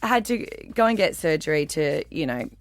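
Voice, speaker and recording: A woman co-hosting a casual radio show, chatty and animated, laughing often as she tells stories. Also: sits low, a little fast. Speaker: radio co-host. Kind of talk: casual chat.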